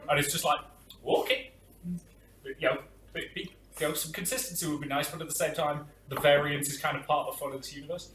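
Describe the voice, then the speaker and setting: A man narrating as game master, rambling and filling his pauses with ums. His voice is bright and fairly high. He sits far from the mic in an echoey room with faint noise. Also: steady tone. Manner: rambling, many ums and uhs.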